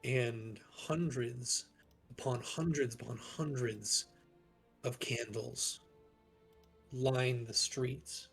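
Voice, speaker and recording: Game master, man, slow halting narration, gravelly. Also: medium pitch, fairly bright tone, faint music behind.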